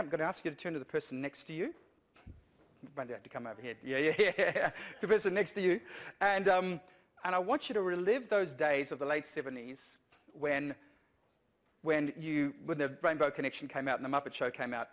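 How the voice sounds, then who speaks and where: A man giving a humorous conference talk, lively and jokey, coaxing the audience along. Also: fairly high pitch. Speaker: conference speaker.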